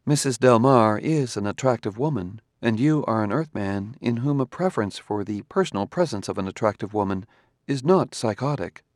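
An actor playing a calm, precise male humanoid robot detective who speaks in a measured, formal way. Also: lowish voice, dry recording, clean studio sound, natural voice. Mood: probing. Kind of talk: audiobook character reading.

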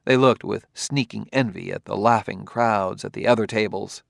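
Gravelly male audiobook narrator. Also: fairly low pitch, normal speed, dry recording, studio quality. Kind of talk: scripted narration.

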